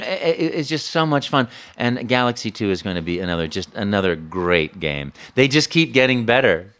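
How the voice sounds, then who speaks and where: A man, a voice actor, telling a story in an interview in an animated way, with frequent stammers and restarts. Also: fairly low pitch.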